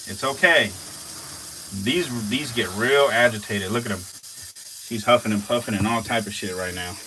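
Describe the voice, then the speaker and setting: A man casually commenting while filming, excitable and slangy, swearing often and talking both to his animals and to viewers. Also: fairly low pitch, normal speed, slight background noise, low-quality recording. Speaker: reptile keeper vlogger.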